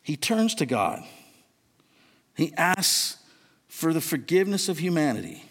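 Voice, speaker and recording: Earnest high-voiced male preacher in a hall. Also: big pitch swings, measured pace, a bit bright. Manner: earnest, questioning, conversational preaching. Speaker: pastor. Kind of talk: sermon. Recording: long reverb of a large hall.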